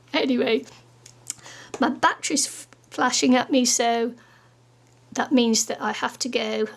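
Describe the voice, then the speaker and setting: Casual crafting vlogger, woman, husky and hoarse, losing her voice, chatty and giggly. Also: on the high side, a little slow, pauses often. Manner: chatty, giggly, talks while working. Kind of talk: casual crafting tutorial chat.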